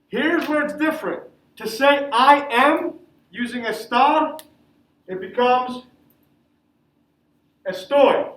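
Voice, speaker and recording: Man, very high voice, classroom teacher, quizzes students, echoey room, heard from far off. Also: a bit bright. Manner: questions the class and answers himself. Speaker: Spanish teacher. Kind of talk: classroom lesson.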